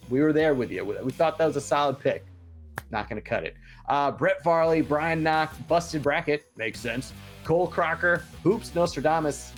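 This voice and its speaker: A man's voice: a little high, soft background music. A man co-hosting a bracket pool recap, joking around in casual sports banter. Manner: animated, jokey, quick asides.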